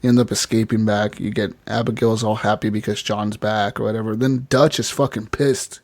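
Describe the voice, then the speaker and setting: A man's voice: on the low side, level tone, normal speed, a little mellow, dry recording. A man co-hosting a casual podcast, retelling scenes with lots of swearing and laughter. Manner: swearing, laughing, recounting scenes with quoted dialogue. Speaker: podcast co-host. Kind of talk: casual chat.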